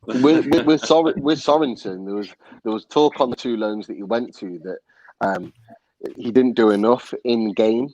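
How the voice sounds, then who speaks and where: A man's voice: mid-range voice, normal speed, a little mellow, no room sound, lo-fi sound. A man on a video call, calling the play and bluntly judging it on a live football stream. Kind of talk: casual football chat and play-by-play.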